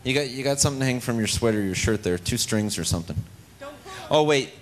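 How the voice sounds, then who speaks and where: A man's voice: medium pitch, lively intonation, fast, noisy background. Man, stage host, playful teasing banter, handheld mic, ship theater. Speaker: cruise ship talent show host. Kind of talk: joking stage hosting.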